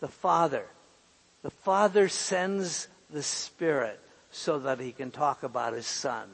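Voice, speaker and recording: A man's voice: fairly high pitch, takes it slowly, fairly bright tone, slightly rough. A man preaching a sermon in an earnest way, repeating key phrases for emphasis. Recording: long hall reverb.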